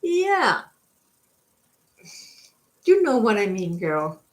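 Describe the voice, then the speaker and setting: Very slow yet very animated, this mid-range female voice belongs to a live-stream psychic card reader. She gives coaching-style advice, frequently asks "okay?" to check in with the listener, and switches between English and Spanish.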